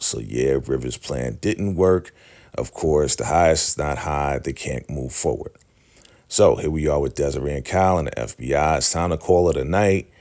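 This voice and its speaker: A man casually recapping a TV episode, retelling scenes in quick paraphrased quotes. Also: extremely low pitch, gravelly, darkish tone. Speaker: recap host.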